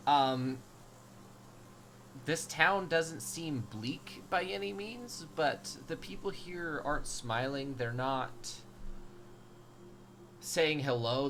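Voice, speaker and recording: A man running a tabletop role-playing game, describing scenes at length. His voice is very bright and forward. He rambles and fills his pauses with frequent ums. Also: medium pitch, a little hiss or hum. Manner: rambling, hesitant with many ums. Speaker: game master.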